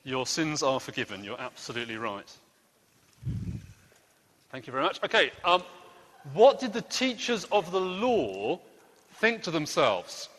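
A man leading a playful quiz for children during a church service, joking gently as he asks questions. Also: on the high side, a little slow, pauses often, long reverb tail. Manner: lively, playful quizmaster with gentle jokes. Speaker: children's talk leader at church.

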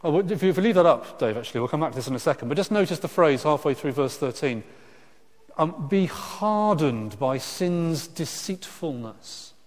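A man preaching a sermon in a conversational way, with frequent restarts and lively asides. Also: on the high side, moderate pace. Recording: echoey hall reverb.

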